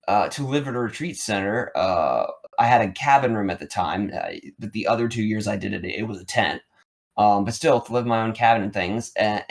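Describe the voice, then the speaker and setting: A man in his thirties telling a long personal story on a podcast, rambling, repeating words and leaning on fillers. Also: medium pitch. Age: 30s. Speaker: podcast co-host. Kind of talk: casual storytelling chat.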